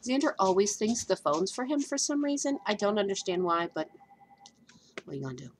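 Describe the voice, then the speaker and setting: A woman's voice: mid-range voice, lively intonation, brisk, slight background noise. Woman chatting while showing storybook pictures. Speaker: author reading her book. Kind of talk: reading a picture book aloud to a child. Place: home with pets nearby.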